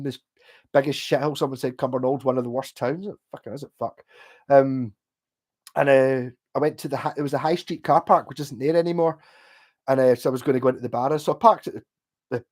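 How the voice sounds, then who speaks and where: A Scottish man in his forties with a slightly high voice, talking casually to a livestream audience. He rambles from story to story, swears freely and often leaves a sentence hanging before starting the next one. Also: darkish tone. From Scotland. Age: 40s. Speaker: livestream host. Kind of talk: casual chat.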